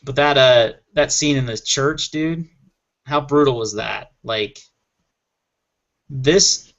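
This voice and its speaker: Man, casual panel chat, enthusiastic, rambling, average pitch, dull lo-fi sound. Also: takes it slowly, fairly bright tone. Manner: rambling, enthusiastic, laughs often. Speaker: panel member on a gear chat show. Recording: muffled lo-fi audio.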